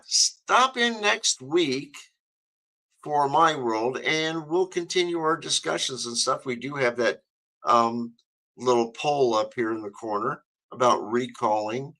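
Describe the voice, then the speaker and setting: A man's voice: mid-range voice, bright, forceful tone, low-quality recording. A man hosting a talk radio show, rambling and chatty with many fillers.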